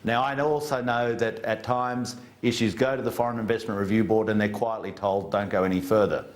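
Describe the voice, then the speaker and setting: Aussie bloke being interviewed, blunt and folksy, average pitch. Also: male voice, fairly even intonation, normal speed. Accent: Australian. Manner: blunt, folksy, plain-spoken. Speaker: government minister as interview guest. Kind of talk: interview down a remote studio link.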